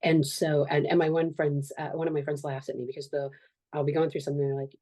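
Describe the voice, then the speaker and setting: Woman, fifties, low voice, mellow tone, earnest, reflective podcast guest. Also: little pitch movement, fast. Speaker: guest, author and social worker. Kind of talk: candid podcast conversation.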